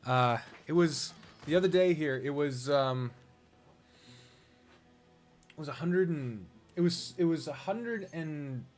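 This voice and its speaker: A man's voice: fairly high pitch, expressive, slow pace, long pauses, soft background music. A man streaming a strategy game, rambling casually, talking to himself and swearing often. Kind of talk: casual live-stream chat while gaming.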